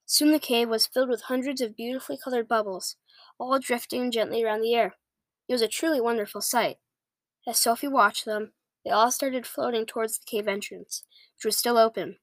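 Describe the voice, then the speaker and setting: A woman's voice: a little high, steady tone, fairly quick, dry recording. Woman reading a children's book aloud. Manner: stumbles and restarts words. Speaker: reader.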